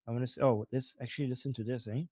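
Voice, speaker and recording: A man's voice: medium pitch, steady tone, very fast, mellow, dry recording, clean studio sound. A man with a Persian accent giving casual live commentary on videos, thinking aloud with frequent restarts and self-corrections.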